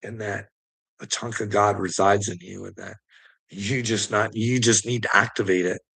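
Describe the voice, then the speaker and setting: Gravelly, taunting man ranting. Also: fairly low pitch, steady tone, moderate pace, sharp tone. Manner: taunting, profane, mocking laughs; repeats words for emphasis. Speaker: online commentator. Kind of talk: ranting monologue to camera.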